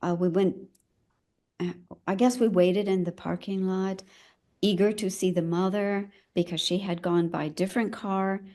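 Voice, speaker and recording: An older woman, an elder midwife, recounts her own story in conversation, reflective and pausing as she hunts for words. Her mid-range voice is darkish in tone, with fairly even intonation.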